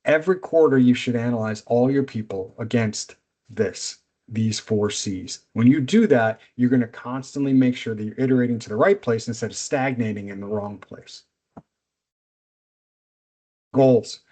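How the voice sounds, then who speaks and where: A middle-aged business coach presents a seminar in a mid-range voice at normal speed. He speaks directly, energetically and instructively.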